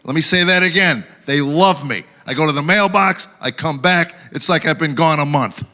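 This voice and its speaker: A man doing stand-up on an awards show stage, spinning wry stories about home life. His voice is bright and sits a little high. He slips in quick character voices for his punchlines. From Tennessee, USA. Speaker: stand-up comedian. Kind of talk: live stand-up routine.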